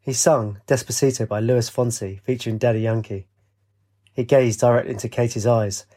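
Husky male storybook narrator. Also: medium pitch, normal speed. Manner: steady, descriptive reading.

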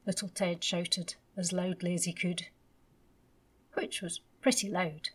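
A woman gently and expressively reading a children's bedtime story aloud. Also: fairly low pitch, animated, unhurried, breathy edge.

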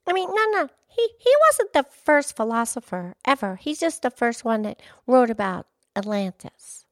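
A woman voicing an excitable, chatty young female character named Pinky, in a two-voice character chat. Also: normal speed, no echo, studio quality. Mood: eager. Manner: eager, gushing, much higher than her own voice.

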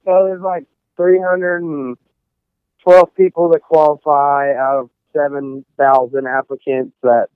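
A man's voice: a little high, little pitch movement, measured pace, smooth, dry recording, narrow, tinny audio. A young man from Texas, a college golfer rambling casually through an interview with lots of fillers. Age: young adult. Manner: rambling, many fillers and restarts.

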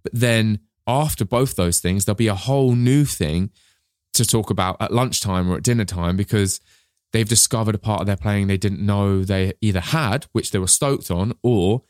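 A man's voice: lowish voice, moderate pace, darkish tone, no room sound. Enthusiastic man co-hosting a podcast, dry mic. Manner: enthusiastic, slangy, "mate" and "wicked". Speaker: podcast co-host and drum teacher. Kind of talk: casual podcast chat.

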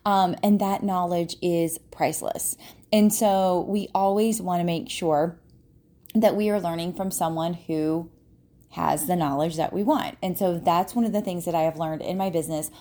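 A woman's voice: on the low side, fairly even intonation, moderate pace, mellow. A woman hosting a solo podcast, talking casually with lots of fillers and "right?" tag questions. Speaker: podcast host, marketer and business owner.

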